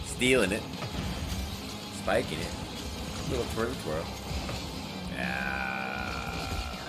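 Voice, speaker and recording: In a very deep, sing-song voice, a young father speaks very slowly as he plays a car game with his son on stream. He offers casual commentary, coaching and encouragement, backed by game music and car sounds.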